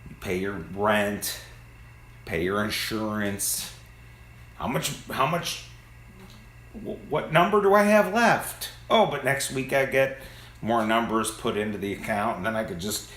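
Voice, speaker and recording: A man's voice: mid-range voice, fairly bright tone, echoey room. A man delivering an angry, profane, preachy monologue, recorded on a phone among parked cars. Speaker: vlogger. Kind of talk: ranting monologue.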